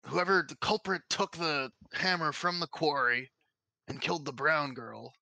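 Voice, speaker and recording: A man's voice: fairly high pitch, measured pace, creaky, sharp tone, dry recording. A man playing in a tabletop game, thinking aloud and asking questions. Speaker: player. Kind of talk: casual tabletop play.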